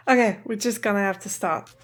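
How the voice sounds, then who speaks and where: A woman's voice: mid-range voice, normal speed. A woman hosting a casual reaction vlog in a room at home. She sounds emotional and teary, chatty and giggly, and keeps her voice down. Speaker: reaction video host.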